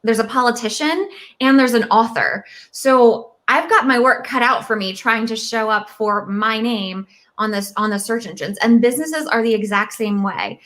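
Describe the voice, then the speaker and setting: A woman's voice: a little high, moderate pace, a bit bright. A woman from Virginia giving a chatty, upbeat guest presentation and laughing often. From Virginia, United States. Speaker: guest speaker. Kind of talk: casual explanatory presentation.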